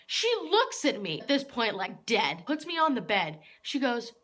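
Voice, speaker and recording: A teenage girl talks straight to the camera in a bright, forward voice, packing nearly every phrase with "like." Her storytelling is casual and chatty, and she gets loud and indignant when the story turns dramatic. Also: on the high side, sing-song, unhurried. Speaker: vlogger.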